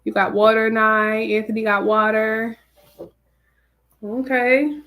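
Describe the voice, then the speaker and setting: A woman's voice: fairly high pitch, little pitch movement, slow pace, fairly bright tone. A woman hosting a live stream, greeting her viewers by name in a casual, chatty way. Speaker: livestream host.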